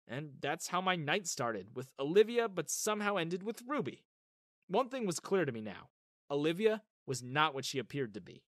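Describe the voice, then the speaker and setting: A woman storyteller narrating a story in the first person as a young man, in an animated manner. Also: very deep voice, moderate pace, dry recording, clean studio sound.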